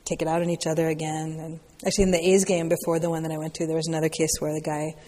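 Reflective woman meditation teacher, casual and unhurried in her phrasing, warm dark tone, recorded with long hall echo. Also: sits low, little pitch movement. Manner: reflective, loose, peppered with "you know" and "like". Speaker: dharma teacher answering questions. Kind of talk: casual dharma talk Q&A.

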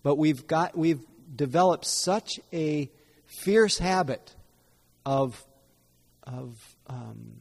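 A man teaching meditation in an evening dharma talk, unhurried and reflective, often repeating and rephrasing himself. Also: fairly high pitch, creaky, a little mellow, husky. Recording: long hall reverb.

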